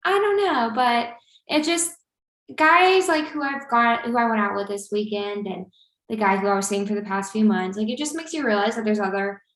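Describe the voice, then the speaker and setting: A woman's voice: fairly high pitch, moderate pace, a bit bright. A woman in her twenties, co-hosting a podcast and telling a dating story in a chatty way, full of "like.". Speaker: podcast co-host. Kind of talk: casual chat. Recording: roomy echo.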